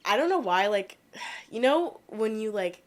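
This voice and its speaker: A young American woman chatting as a podcast guest, animated and self-deprecating, often breaking into laughter. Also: mid-range voice, unhurried. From United States. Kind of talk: casual chat.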